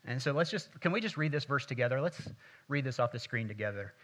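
Bright-voiced man preaching a sermon. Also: medium pitch, lively intonation, fast talker. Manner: preaching with swelling intensity, reading scripture aloud. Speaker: pastor.

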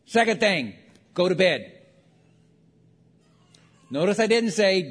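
Male pastor, high pitch, chatty sermon delivery with quoted asides, big reverberant room. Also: very animated, measured pace, long pauses, fairly bright tone, slightly rough. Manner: conversational preaching with acted-out quotes. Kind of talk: sermon on marriage. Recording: long reverb of a large hall.

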